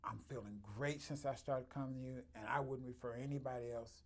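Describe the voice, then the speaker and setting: A chiropractor telling stories in an interview, acting out other people's voices and swinging from quiet to loud. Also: male voice, medium pitch, fairly even intonation, fairly quick. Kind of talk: storytelling interview.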